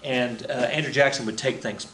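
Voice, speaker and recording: A man's voice: medium pitch, fairly even intonation, moderate pace, fairly bright tone, reverberant, a little hiss or hum. A man teaching a casual recorded history lesson, chatty and rambling, with lots of fillers, restarts and joking asides.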